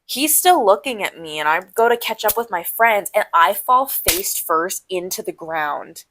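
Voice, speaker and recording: A young woman in college, co-hosting a podcast, telling a long personal story in a rambling, animated way with quick asides. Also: mid-range voice, a little hiss or hum. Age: young adult. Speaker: podcast co-host. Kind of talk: casual storytelling chat.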